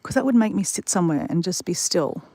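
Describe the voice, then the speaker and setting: A woman with a fairly low, warm voice speaks fast and animatedly, recorded dry. Outdoors in the bush beside water, she live-streams as a chatty, rambling storyteller who addresses her chat directly.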